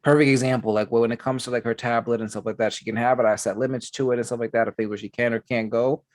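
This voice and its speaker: A man's voice: medium pitch, fairly even intonation, no echo. A man hosting a casual chat, talking loosely with lots of fillers. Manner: fast, loose talk with many fillers. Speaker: podcast host. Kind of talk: casual conversation.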